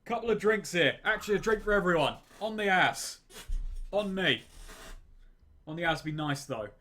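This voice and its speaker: Brash gang boss, as a man puts him on, exaggerated London accent, swearing, fairly high voice. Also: animated, normal speed, pushed and bright, heavily acted. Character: rough male ex-cop gang boss. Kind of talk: tabletop role-play voicing.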